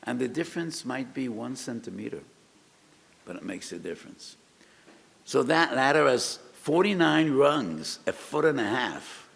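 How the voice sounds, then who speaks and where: An older man delivers a sermon-style lecture in a slow, gravelly low voice. His carry a sound. The recording has a long reverb and a faint hiss behind it. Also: sing-song, fairly bright tone. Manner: slow, storytelling delivery that rises to cries in acted pleas. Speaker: rabbi giving a weekly lecture.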